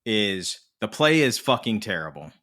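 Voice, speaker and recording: A man co-hosting a podcast, chatting casually and animatedly about films. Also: fairly low pitch. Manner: animated, swings into quick put-on voices. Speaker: podcast co-host. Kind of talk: casual film discussion.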